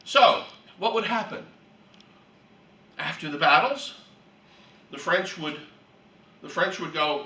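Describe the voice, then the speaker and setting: Male Bible teacher, high bright voice, unhurried, heard from a distance in an echoey room. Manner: lively storytelling with clearing of the throat. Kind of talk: animated Bible class teaching. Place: room for a church class.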